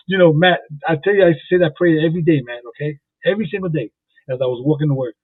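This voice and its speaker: A man from Jersey City telling rambling stories as a podcast guest, repeating words excitedly. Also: fairly high pitch, fast talker, husky, no room sound. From Jersey City, New Jersey. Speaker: guest, former boxing champion and police officer. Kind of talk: casual storytelling. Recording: tinny phone-like line, dry.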